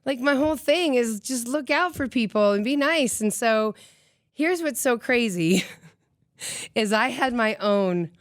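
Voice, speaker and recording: A middle-aged woman radio host from Colorado, talking in a chatty, animated way. She laughs often and acts out what people say. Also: a little high, unhurried, no echo, clean studio sound. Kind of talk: casual chat.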